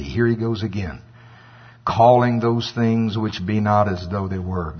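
A man preaching a sermon, animated and acting out scripture voices, with a husky voice. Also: lowish voice, normal speed. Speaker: pastor. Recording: dull lo-fi with long hall reverb.

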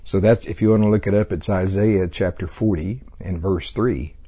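Mellow husky man teaching Bible study. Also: deep voice, moderate pace. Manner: conversational, chuckles often, many fillers. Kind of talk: casual Bible study lesson.

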